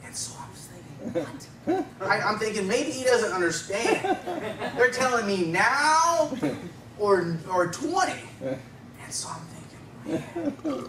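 A man's voice: very high-pitched, animated, takes it slowly, long pauses, reverberant, recorded from a distance, background noise. A man giving a personal testimony at church, telling his story conversationally and chuckling often.

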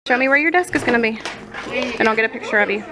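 A woman's voice: on the high side, very fast, a crowd in the background. A young woman, a mom filming her family, chatting in a playful, doting way and often laughing. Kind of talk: casual family vlog chat. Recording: noisy handheld camera audio.

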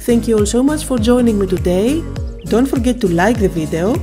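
A woman hosting a card-making tutorial, calmly explaining each step in a voice-over. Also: a little high, moderate pace, music in the background. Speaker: card-making video host.

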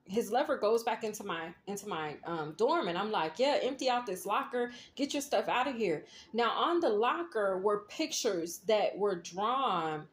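Rambling woman doing a tarot reading. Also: mid-range voice. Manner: rambling, checks in often with "okay?" and "right?". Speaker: tarot reader. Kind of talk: casual tarot reading and dream storytelling.

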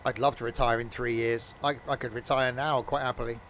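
A man gives casual, rambling gameplay commentary, cracking jokes and muttering to himself. He talks at an ordinary pitch, and a faint train hum runs behind him. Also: flat delivery, a little fast, fairly bright tone. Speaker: game streamer.

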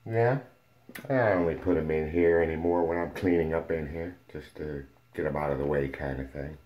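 Dog breeder, man, low voice, casual home camera talk, playful cooing to the litter. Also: moderate pace, dull audio. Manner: coos playfully at puppies, sometimes whispering. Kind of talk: casual home video talking to puppies. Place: indoor room at home.

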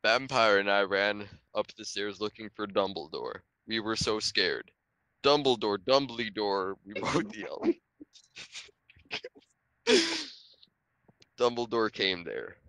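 A young man reading a story aloud to friends, unhurried and often breaking into laughter at the text, on a home microphone. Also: lowish voice, animated, bright, forceful tone, clear, resonant tone, no echo. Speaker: reader.

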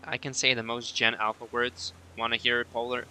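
A man's voice: mid-range voice, little pitch movement, normal speed, pushed and bright, slight background noise. A man chatting casually on a live stream while he plays, reading viewer messages aloud and answering them playfully.

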